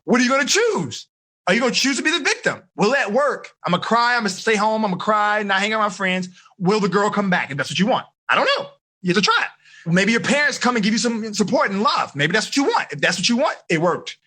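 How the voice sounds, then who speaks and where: A man running a live seminar for teenagers, energetic and asking the audience questions. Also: high voice, quick pace, husky. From United States. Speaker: teen life coach.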